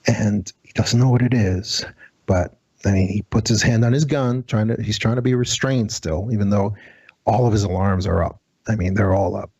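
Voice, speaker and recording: A man, a radio show guest, telling an eerie true-life story in a halting, dramatic way. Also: lowish voice, a little mellow, husky, no room sound, dull audio. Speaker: guest, former federal agent.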